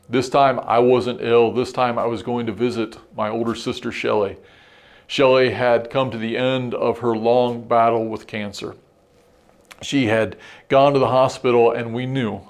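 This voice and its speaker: A middle-aged man preaching a sermon as a pastor, telling a personal story in an earnest, reflective way with frequent restarts. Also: mid-range voice.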